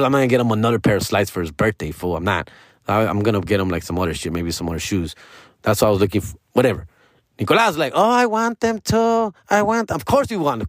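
A man in a loose, profane rant, dropping Spanish phrases as he goes. His pitch swings high and low from line to line. The sound is close and dry, with no room around it. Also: dry recording. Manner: profane slangy talk, switching into Spanish phrases; animated, pitch jumping up and down. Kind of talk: casual rant.

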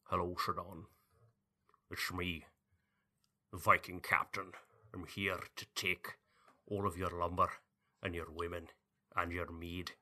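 A boastful, gruff Viking captain, put on by a man in a low, hushed voice. He sounds mock-menacing as he reaches for a Norse accent. The timbre is bright and hard. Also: flat delivery, unhurried, pauses often, exaggerated voice.

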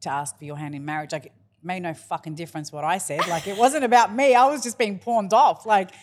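A woman's voice: fairly low pitch, fairly quick. A woman co-hosting a podcast, speaking frankly and bluntly in casual chat. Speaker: podcast co-host.

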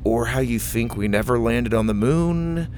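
A man's voice: medium pitch, expressive, moderate pace, darkish tone, a little hiss or hum, lightly acted. Storybook figure: man playing a skeptical teasing boy, dry and sarcastic.

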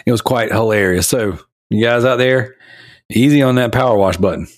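A man's voice: medium pitch, moderate pace, dry recording, clean studio sound. A man in his thirties hosting a podcast, telling funny stories in casual chat with a lot of laughter. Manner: animated, laughing storyteller. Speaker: podcast host.

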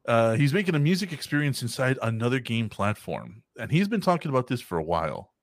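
A man's voice: mid-range voice, moderate pace, long pauses, no room sound, clean studio sound. A man hosting a casual chat show, swearing freely and telling stories with lots of laughter. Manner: laughing, profane, animated storytelling. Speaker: podcast host.

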